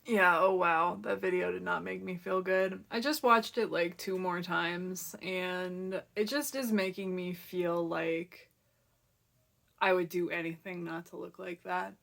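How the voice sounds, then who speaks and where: Young woman, personal vlog, low voice, gravelly fry, candid and halting, tearful at times. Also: fairly even intonation, fairly bright tone. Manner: emotional, candid, halting with restarts. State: tearful, out of breath from crying. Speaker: vlogger. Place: home, kitchen and living room.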